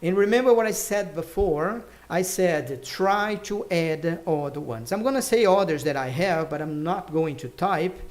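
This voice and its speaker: High-voiced man teaching English. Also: expressive. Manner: chatty, explains slowly, counts aloud. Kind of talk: casual online English lesson.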